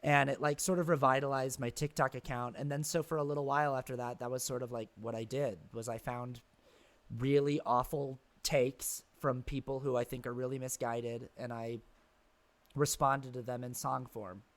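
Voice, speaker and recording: A man's voice: medium pitch, steady tone, normal speed. A man being interviewed as a guest over a remote call from home. He talks casually and rambles through stories, full of fillers. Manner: rambling, filler-heavy storytelling. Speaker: interview guest, actor and content creator. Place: at home, his brother's house.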